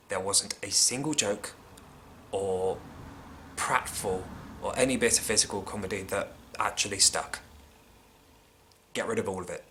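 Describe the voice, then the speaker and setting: A man vlogging a casual, opinionated critique with a wry tone, often dropping into hushed asides. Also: fairly low pitch, slight background noise. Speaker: vlogger reviewing a film.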